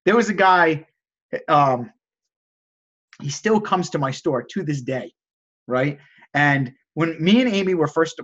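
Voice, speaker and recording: A man coaching resellers in a casual motivational talk, energetic and repeating key phrases for emphasis. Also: a little high, dull audio.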